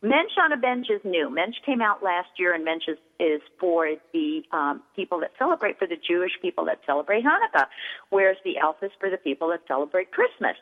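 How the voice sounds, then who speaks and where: Middle-aged shop-owner guest, lively explainer, heard over a tinny line. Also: female voice, on the low side, fairly quick. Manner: animated, explains with acted-out examples. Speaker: toy store owner, guest. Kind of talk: radio interview. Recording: tinny phone line with long reverb.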